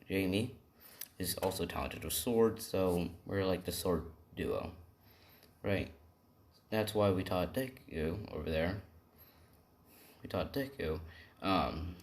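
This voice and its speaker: Young man, low voice, rambling improvised story, faint background hiss. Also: echoey room. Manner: rambling, many restarts and "right?". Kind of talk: improvised fan story retelling.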